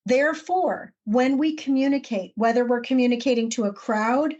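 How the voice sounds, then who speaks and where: Lively higher-voiced woman telling a story. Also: moderate pace, dull audio. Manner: animated storytelling, acts out quoted dialogue. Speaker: podcast co-host. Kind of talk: conversational podcast discussion.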